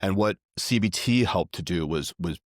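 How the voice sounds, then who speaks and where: Deep-voiced man talking casually. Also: normal speed, no room sound, clean studio sound. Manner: rambling, filler-heavy, earnest. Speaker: podcast guest. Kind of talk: casual conversation.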